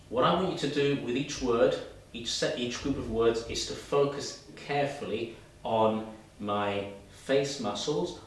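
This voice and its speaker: A man gives an English pronunciation lesson at a slow, measured pace. He stretches out example words with deliberate mouthing. His voice comes from some distance off the mic and rings in a strongly echoing room. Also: medium pitch. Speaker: English teacher. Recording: roomy echo, voice from a distance.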